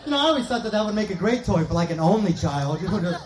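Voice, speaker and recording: A man's voice: high voice, expressive, rapid-fire. A male stand-up comic doing a live set, rattling off jokes, acting out voices and laughing at his own lines. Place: outdoor park concert stage. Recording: echoey outdoor concert with crowd noise.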